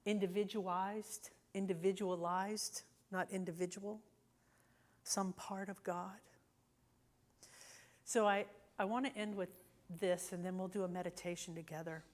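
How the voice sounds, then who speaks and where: A woman's voice: on the low side, steady tone, measured pace, long pauses. A woman minister giving a sermon in a conversational way, often checking in with the congregation. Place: church sanctuary.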